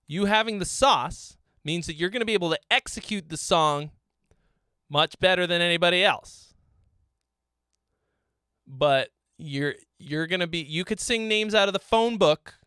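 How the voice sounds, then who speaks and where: A man's voice: high voice, animated, unhurried, bright, forceful tone, smooth, no room sound, clean studio sound. A man hosting a live stream song critique, joking, teasing and swearing as he gives feedback. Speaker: host, songwriting critic.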